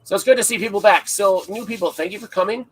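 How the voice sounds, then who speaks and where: A man's voice: high-pitched, fast, background noise. A man hosting a casual livestream podcast, rambling and joking with frequent laughs, sounding tired. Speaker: podcast host.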